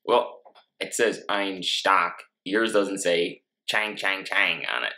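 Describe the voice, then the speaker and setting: A man's voice: sits low, steady tone, slow pace, sharp tone, poor audio. A man in his thirties co-hosting a casual beer-tasting chat, laid-back and teasing. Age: 30s. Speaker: co-host.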